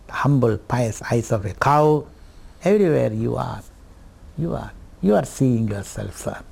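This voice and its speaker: A middle-aged man teaching scripture at a retreat, speaking slowly and contemplatively, repeating phrases and drawing out Sanskrit words. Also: mid-range voice, gravelly, warm tone. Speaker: spiritual teacher.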